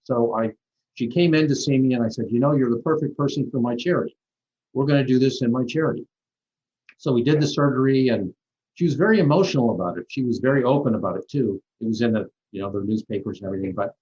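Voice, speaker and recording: A man's voice: mid-range voice, a little mellow. Man telling stories in a dull lo-fi recording. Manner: rambling, with frequent restarts and light laughs. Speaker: plastic surgeon guest. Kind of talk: conversational interview storytelling. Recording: dull lo-fi audio.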